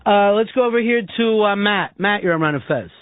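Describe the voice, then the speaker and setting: A man's voice: sits high, expressive, clean tone, no room sound. A man hosting a call-in radio show in casual, profane, joking banter. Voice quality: laughing, profane, rapid-fire. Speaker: talk radio host. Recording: dry, tinny broadcast audio.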